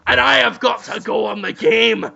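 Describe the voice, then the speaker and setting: A man doing a wailing, shouted celebrity impression. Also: extremely high pitch, fairly even intonation, normal speed, gravelly, dull audio, pitched above the performer's own voice, full character voice. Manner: over-the-top wailing, shouted. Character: shouting impression of a celebrity musician as a poor Victorian.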